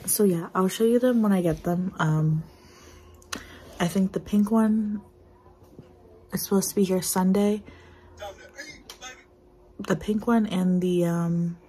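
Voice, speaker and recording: A woman's voice: medium pitch, slow, pauses often, dark tone, slightly rough, rough recording. A young woman in her twenties chatting casually in a home vlog, bubbly and rambling with lots of fillers. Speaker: vlogger. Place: at home, indoors.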